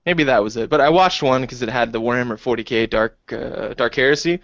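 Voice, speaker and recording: A man's voice: mid-range voice, fairly quick, no room sound, highs cut off. A man co-hosting a podcast, chatting casually and retelling funny gaming stories by acting out his friends' lines. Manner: animated storytelling, acting out friends in quotes. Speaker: podcast co-host. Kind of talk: casual chat.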